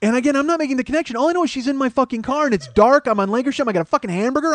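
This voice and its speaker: A man hosting a podcast, telling a comic story full of swearing, growing louder and more animated as it goes. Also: very high voice, racing, hardly any pauses, dry recording. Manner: profane, animated, rising to shouting as the story builds. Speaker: podcast host.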